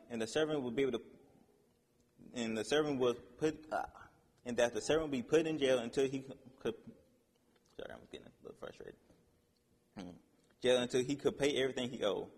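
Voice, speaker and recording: A man with a slightly husky voice preaches an informal sermon, reading scripture aloud in a casual, halting way. His voice carries a long reverb, as if he were recorded in a hall. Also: mid-range voice.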